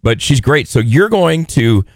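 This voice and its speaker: A man's voice: mid-range voice, big pitch swings, unhurried, no echo, clean studio sound. Playful man hosting morning radio. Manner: joking, playful. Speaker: radio morning show host. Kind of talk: casual radio banter. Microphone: studio microphone.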